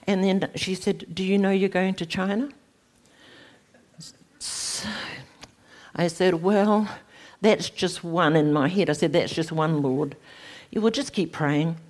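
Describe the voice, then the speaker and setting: A middle-aged woman, giving a personal faith testimony in animated storytelling, her voice leaping high at emotional moments. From New Zealand. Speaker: speaker sharing a testimony.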